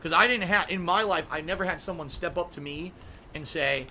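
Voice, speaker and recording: A man signs off his home live-stream podcast with heartfelt sincerity, nearly crying as he reads out viewer messages. He talks casually, with swearing and fillers, in a high-leaning, pushed and bright voice that runs a little fast; there's slight background noise.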